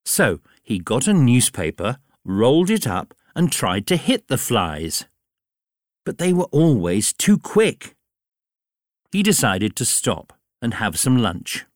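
A man narrates a simple storybook for language learners at a very slow, deliberate pace. His pitch rises and falls dramatically to keep it lively. The recording is dry and close. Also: no room sound. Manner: very slow, clear, highly expressive reading. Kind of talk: graded reader storybook narration.

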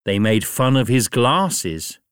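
A man reading a graded storybook for learners aloud, slowly and clearly. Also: dry recording, clean studio sound. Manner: very slow, clear, highly expressive reading. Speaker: narrator. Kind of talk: graded reader storybook narration.

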